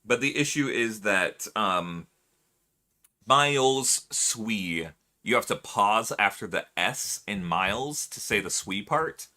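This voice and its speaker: A man's voice: lowish voice, animated, a little slow, hardly any pauses, sharp tone. A man streaming live, chatting casually with his viewers, laughing often and musing aloud.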